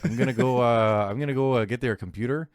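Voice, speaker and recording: A man's voice: medium pitch, quick pace, no echo, clean studio sound, lightly acted. A man voicing an exaggerated folksy Canadian hacker in a mock Canadian accent, chipper and drawn out.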